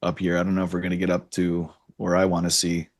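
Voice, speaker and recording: A man's voice: deep voice, completely flat delivery, fast. A man with a Chicago accent co-hosting a live trading stream, joking in easygoing banter while he watches the market. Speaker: co-host, futures trader. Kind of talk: casual live-stream chat.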